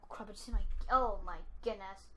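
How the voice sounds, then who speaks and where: Her voice is medium-pitched, a bit fast, bright and pushed, caught on a rough recording with slight hiss or hum. She's a gamer commentating a horror game let's-play against game music, startling easily, talking to the characters, and often yelping or laughing nervously.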